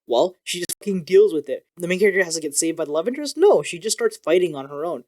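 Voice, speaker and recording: Fast-talking, excitable young guy vlogging. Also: high-pitched. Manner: animated and excitable, swears casually. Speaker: video creator reviewing manga. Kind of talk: casual vlog review.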